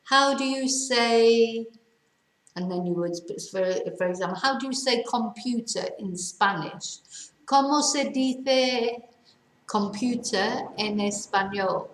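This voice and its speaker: A woman teaching useful phrases in a chatty lesson, repeating each one slowly for learners. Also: fairly high pitch. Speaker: language teacher. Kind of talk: casual language lesson. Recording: echoey room.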